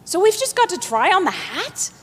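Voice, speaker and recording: A woman's voice: very high-pitched, big pitch swings, moderate pace, voice pushed up. A woman voicing a nervous schoolboy who complains in a raised tone, in a hall with long reverb. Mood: grumbling.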